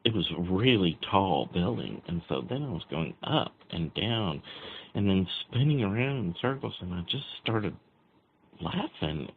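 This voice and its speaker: Man, dream retelling, rambling, chuckling, gravelly fry, faint hiss behind. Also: low-pitched, animated, a little slow. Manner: rambling, chuckling, many fillers. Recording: tinny phone-like recording with faint noise.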